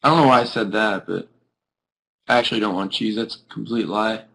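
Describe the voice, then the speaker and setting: Sleepy young man with a low voice. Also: fairly even intonation, a little fast, gravelly, bright, forceful tone, poor audio. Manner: rambling, peppered with "like". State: sleepy, yawning. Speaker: host of a live video chat. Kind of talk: casual chat answering viewers.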